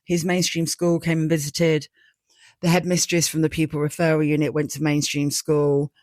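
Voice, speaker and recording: A woman's voice: low-pitched, level tone, normal speed, a little mellow, no room sound. Mum talking straight into the mic on her podcast, raw and emotional, swears a bit, dry sound. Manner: candid, emotional storytelling with frequent swearing; reenacts her own past thoughts aloud. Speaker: podcast host. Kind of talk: personal monologue podcast.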